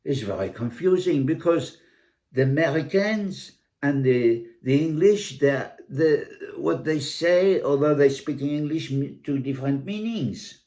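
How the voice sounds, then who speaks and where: Brief: man doing his French mum, a slow, indignant Frenchwoman with a thick French accent and mangled English, pitched well above his own voice. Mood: bemused. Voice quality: heavy French accent, broken English word order. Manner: animated, indignant, sprinkles French fillers. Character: excitable middle-aged Frenchwoman, mother and teacher.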